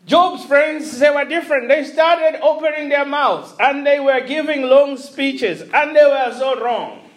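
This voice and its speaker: Casting: male preacher, very high voice, sermon storytelling, chuckling. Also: measured pace, hardly any pauses. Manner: animated storytelling with frequent chuckles and restarts.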